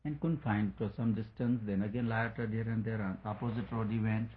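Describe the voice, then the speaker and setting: A man's voice: on the low side, steady tone, fairly quick. Chuckling man on a tinny line. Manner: digressive, chuckling storyteller. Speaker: spiritual speaker. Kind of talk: spiritual talk with a told story. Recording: tinny phone-like line, faint noise.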